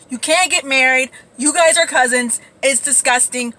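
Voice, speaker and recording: A woman ranting casually as a commentator, blunt, profane and animated. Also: high voice, normal speed, few pauses, poor audio. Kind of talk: casual reaction rant.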